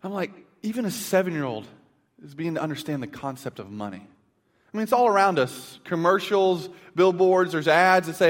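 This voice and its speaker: A man's voice: fairly high pitch, normal speed. Preaching man in a reverberant hall. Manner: animated storytelling, swinging from loud to hushed. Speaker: pastor. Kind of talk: sermon. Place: church sanctuary.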